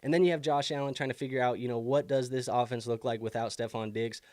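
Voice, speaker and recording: Young man, live stream host, casual filler-heavy delivery, clear smooth voice, dry close mic. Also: medium pitch, fairly even intonation, fast talker, a little mellow, dry recording. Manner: casual, thinking aloud with many fillers. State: has the hiccups. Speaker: fantasy football host.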